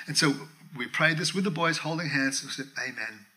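A middle-aged man preaching a sermon, telling a personal story with animated acted-out dialogue and frequent laughter. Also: a little high, fairly quick, poor audio. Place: church.

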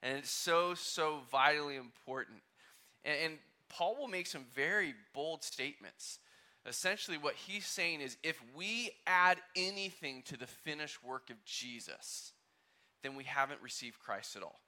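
Bright-voiced male pastor preaching. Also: on the high side, a little slow. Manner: conversational, animated, asks the congregation questions. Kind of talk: sermon.

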